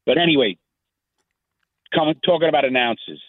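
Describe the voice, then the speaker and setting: A man's voice: a little high, expressive, brisk, no echo. Male radio caller, gushing and casual, thin phone-line sound. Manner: enthusiastic, casual, repetitive. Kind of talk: call-in chat.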